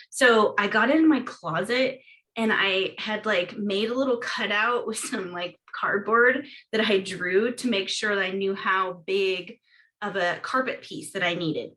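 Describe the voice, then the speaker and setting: A bright-toned woman tells a story in a chatty, rambling way, full of fillers and laughter. She speaks over a video call and plays out her own past reactions as she goes. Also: mid-range voice, poor audio. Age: adult, recalls her teenage years. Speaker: host of a witchcraft group video chat. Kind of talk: casual storytelling chat.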